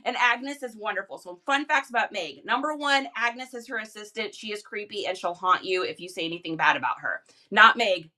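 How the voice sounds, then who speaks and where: A woman hosting a live stream in casual chat, energetic and chatty with quick laughs. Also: mid-range voice.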